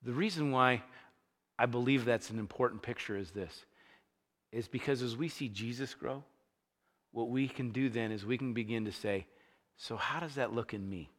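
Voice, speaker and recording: A man preaching a sermon, telling a Bible story in a conversational, animated way. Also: medium pitch, moderate pace, in a large hall. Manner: animated storytelling, acting out scenes with rising energy. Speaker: pastor.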